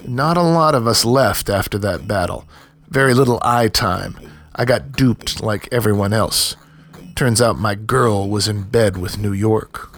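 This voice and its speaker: A man voicing a weary, tough male ex-gang fighter in an audiobook, plain and steady. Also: on the low side, a little slow.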